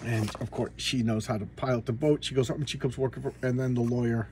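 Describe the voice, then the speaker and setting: A comic book collector retells a comic story casually in a vlog, rambling with lots of fillers and restarts. His mid-range voice is steady and a little mellow, moving at a quick pace over slight background noise.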